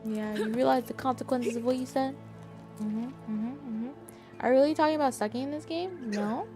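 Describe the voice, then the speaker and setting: A young woman with a high voice streams a game live, talking with viewers at a normal pace over music. She's excitable and playfully indignant, breaking into squeals.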